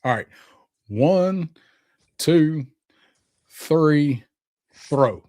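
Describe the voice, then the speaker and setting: A man co-hosting a toy show, arguing mock trials in a steady, deliberate, mock-formal way. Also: on the high side, no room sound, clean studio sound. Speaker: co-host. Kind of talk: playful mock courtroom banter.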